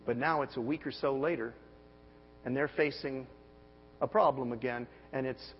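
A man's voice: steady tone, moderate pace, pauses often. Emphatic male preacher in a reverberant hall. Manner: emphatic preaching with sharp swings in pitch and volume, rhetorical questions. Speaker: pastor. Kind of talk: sermon. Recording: dull sermon audio with long hall reverb and faint hum.

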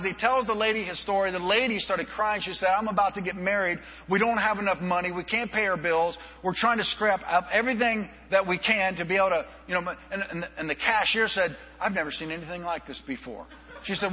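A man preaches from the pulpit, telling stories with energy and acting out the people in them. His voice sits a little high and a touch husky. The sound rings through a large reverberant room, and a dull, lo-fi recording with a low electrical hum runs underneath. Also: brisk. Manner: animated storyteller, acts out quoted voices. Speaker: pastor. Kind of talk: storytelling sermon.

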